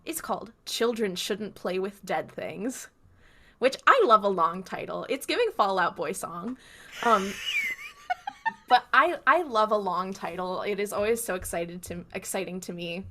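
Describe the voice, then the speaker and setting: A woman's voice: medium pitch, animated, a little slow, bright, forceful tone, slight background noise. A young woman co-hosting a podcast, chatting casually and retelling scenes by acting out the characters' lines. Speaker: podcast co-host. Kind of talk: casual recap chat.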